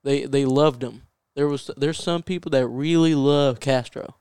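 A man's voice: mid-range voice, measured pace, a little mellow, smooth, dry recording, clean studio sound. A man guesting on a podcast in casual chat, giving earnest, blunt opinions.

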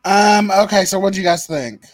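A man hosting a podcast in casual chat, animated, swearing freely and laughing often. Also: high-pitched, moderate pace, dry recording. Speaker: podcast host. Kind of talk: casual chat recapping a reality show.

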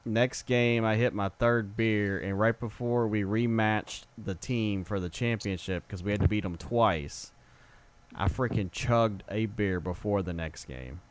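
A man cohosting a casual sports podcast, telling a story in a relaxed way, saying freaking and dude. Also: fairly low pitch, a little slow, slight background noise.

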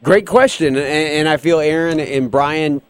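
A man hosting a sports talk radio show, energetic and upbeat at a studio microphone. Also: fairly high pitch, measured pace, clear, resonant tone, no echo.

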